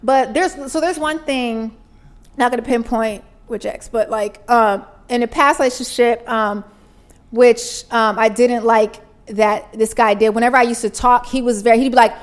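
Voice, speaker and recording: A young woman in her twenties talks in a relaxed podcast chat. She explains her points earnestly, often restarting her sentences, and her voice sits a little high. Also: normal speed. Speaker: podcast co-host. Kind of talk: casual chat.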